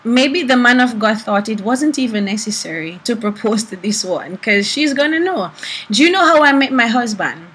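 Bright husky woman preacher telling stories. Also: fairly high pitch, moderate pace, poor audio. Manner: animated storytelling, acting out quoted voices. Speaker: prophetess and preacher. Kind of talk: teaching with personal stories.

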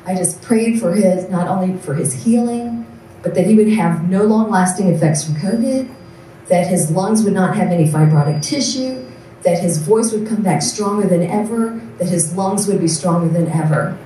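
A woman nurse sharing personal testimony stories at an event, earnest and lively as she acts out what others said. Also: fairly low pitch, normal speed, slight background noise. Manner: earnest storyteller, acts out quoted voices. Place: large event hall. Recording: echoey room from far off.

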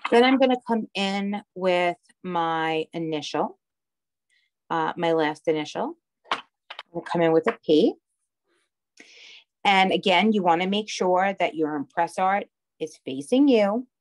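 A woman's voice: on the low side, a little slow, long pauses, slight background noise. Woman, heavy Long Island accent, craft instructor, chatty live-class delivery. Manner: chatty, checks in with "okay?" and "all right".

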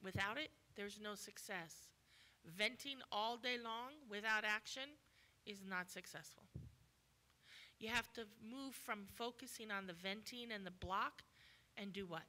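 A woman giving a sermon as a guest preacher in a church, emphatic, often asking the congregation questions and acting out quoted lines with sudden loud commands. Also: mid-range voice, measured pace.

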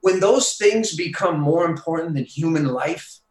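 A man, a guest on a podcast in casual conversation, opinionated and emphatic, often slowing down to stress his points. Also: fairly high pitch, lively intonation, roomy sound, rough recording.

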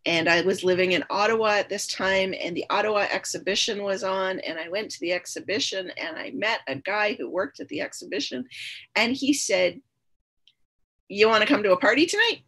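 A woman's voice: mid-range voice, a little fast, fairly bright tone. A woman guest on a podcast, telling her own story candidly and earnestly, often repeating her phrases for emphasis. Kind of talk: personal storytelling in conversation.

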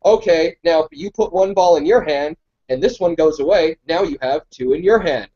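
A man hosting a live Q&A, talking in a halting way and searching for his words mid-sentence. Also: on the high side, dark tone, dull audio. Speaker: host. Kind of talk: live Q&A chat.

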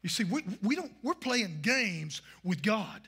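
Preacher guy, real high piercing voice with gravel in it, fired up sermon. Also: sing-song, unhurried. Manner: fiery, preaching with shouted emphasis. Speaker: pastor.

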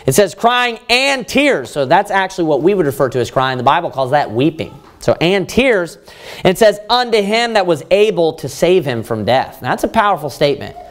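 Man preaching, pastor, lively pitch swings, reads scripture slowly, explains it plainly, builds up to stress points. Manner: reads verses slowly then explains them in plain words; rises in pitch and force when stressing points. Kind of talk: sermon Bible study.

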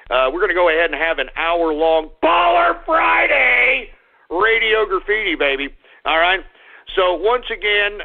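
A man hosting a live call-in radio show, exasperated, swearing and repeating himself. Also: sits high. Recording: lo-fi phone-quality radio broadcast.

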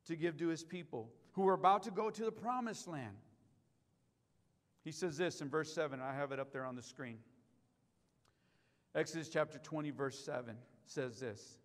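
A male pastor delivers a sermon in a high, ringing voice. He stresses key lines and puts questions to the church. The live stream carries a long reverb from the sanctuary. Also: moderate pace, pauses often. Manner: emphatic preaching, repeats key lines, asks the church questions.

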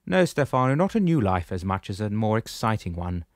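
A man voicing a wise, calm old shepherd who patiently explains things and gently lectures the younger ones. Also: lowish voice, fairly quick, no room sound, studio quality. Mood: calm explaining.

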